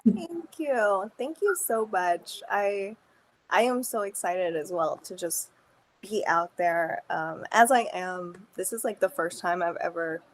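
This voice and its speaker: A woman guest in a casual interview, earnest and quick to laugh. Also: mid-range voice, lively intonation. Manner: earnest, giggly.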